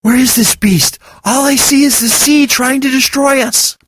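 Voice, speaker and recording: Storybook heroine: male reader doing a high, tense young woman, urgent and sharp. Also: steady tone, moderate pace, breathy edge, no echo, studio quality.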